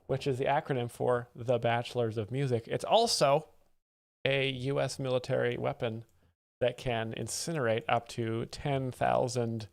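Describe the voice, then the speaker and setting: Deadpan man with a gravelly voice. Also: mid-range voice, moderate pace, dry recording, clean studio sound. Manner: deadpan, sarcastic asides. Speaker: host explaining comedy clips on a livestream. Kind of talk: dry livestream commentary.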